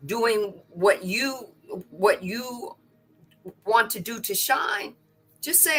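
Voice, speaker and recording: A woman's voice: a little high, lively intonation, takes it slowly, pushed and bright, soft background music. A woman co-hosting a spiritual study livestream, speaking expressively, repeating words and acting out quotes as she talks. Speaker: co-host. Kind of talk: casual spiritual chat.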